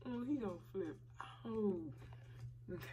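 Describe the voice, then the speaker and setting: A young woman hosting a casual vlog, talking to her viewers in an animated, slangy, teasing way. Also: mid-range voice, unhurried. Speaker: vlogger host. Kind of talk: casual chat to camera.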